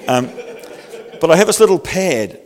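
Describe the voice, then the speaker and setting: An older man preaching a sermon in a lively, humorous, conversational way. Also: on the high side, normal speed, big-room sound. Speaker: pastor.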